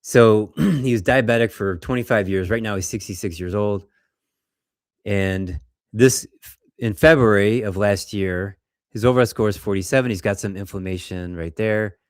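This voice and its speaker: A man, a doctor, presenting lab results in a lecture, telling patient stories in a conversational, animated way and acting out what patients said. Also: lowish voice, normal speed, no echo, studio quality. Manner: conversational, animated storytelling, acts out patients' words.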